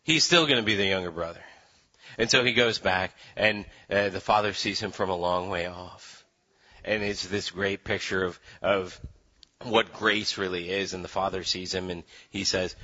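A man preaching a conversational sermon to a live audience, animated and joking as he acts out voices. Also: low-pitched, moderate pace, muffled recording.

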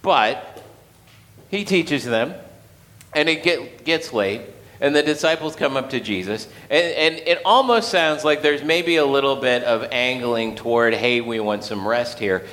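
A man's voice: fairly high pitch, expressive, unhurried, fairly bright tone, big-room sound. A man giving a casual sermon, telling the story conversationally with playful acted quotes. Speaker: pastor.

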